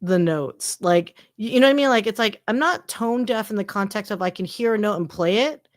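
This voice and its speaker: A woman co-hosting a casual podcast, talking in a chatty, animated way with lots of fillers. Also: medium pitch, brisk, no echo, clean studio sound. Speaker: podcast co-host. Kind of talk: casual chat.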